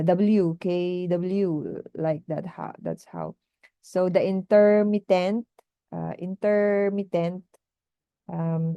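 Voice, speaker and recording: A woman's voice: lowish voice, no room sound, lo-fi sound. A woman tutor talking through her teaching interview in a casual vlog, hesitant with many fillers and restarts. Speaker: online English tutor.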